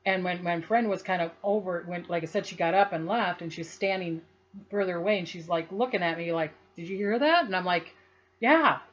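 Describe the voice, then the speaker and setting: A woman's voice: on the low side, brisk. Rambling woman psychic, lo-fi sound. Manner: rambling, animated, acts out quoted voices, laughs often. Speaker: psychic telling a personal story. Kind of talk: casual storytelling to camera.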